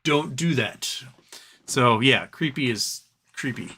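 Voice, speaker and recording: Male stream host, bright tone, loose rambling delivery with lots of ums. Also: medium pitch, expressive, slow pace, husky. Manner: rambling, reads viewer comments aloud, frequent ums. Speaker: livestream host. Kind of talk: casual live-stream chat.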